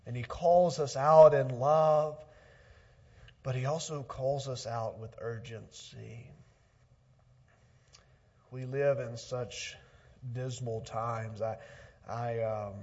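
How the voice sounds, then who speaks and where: A male pastor preaching a sermon, swinging from loud urgent emphasis to quiet, hushed lines, with repeated words and restarts. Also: medium pitch, lo-fi sound. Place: church sanctuary.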